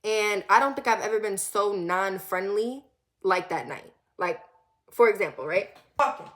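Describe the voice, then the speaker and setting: A young woman telling a personal story in a vlog, animated and repetitive, with lots of swearing. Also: medium pitch, moderate pace. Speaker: vlogger.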